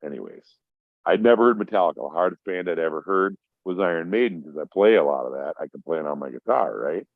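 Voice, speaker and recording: Middle-aged male podcast guest, deep voice, rambling war-story teller, swears freely, dry lo-fi sound. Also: expressive, fast, creaky, no echo. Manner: profane, rambling, acts out voices in his stories. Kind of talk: casual storytelling. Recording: dry, dull lo-fi audio.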